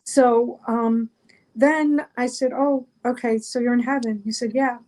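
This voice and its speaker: A woman's voice: on the high side, steady tone, a little slow, a little mellow, low-quality recording. A middle-aged woman, a guest on an online chat show, telling a story casually, rambling with many fillers and restarts.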